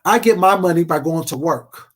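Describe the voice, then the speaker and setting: A man with a notably high voice delivers a profane, confrontational rant straight to camera. He is combative and talks to his viewers casually, as if they are sitting across from him. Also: animated, normal speed. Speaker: vlogger.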